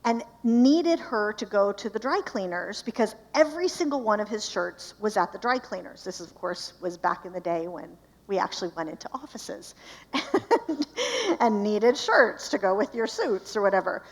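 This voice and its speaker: A woman's voice: medium pitch, expressive, normal speed. A woman speaking at a church marriage conference, telling a story with animation and asking the audience questions. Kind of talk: storytelling talk to a live audience.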